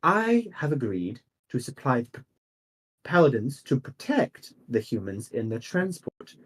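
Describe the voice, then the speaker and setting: A man voicing a zealous priestess of a dark church, cold and self-assured. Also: medium pitch, big pitch swings, a little slow, slightly rough.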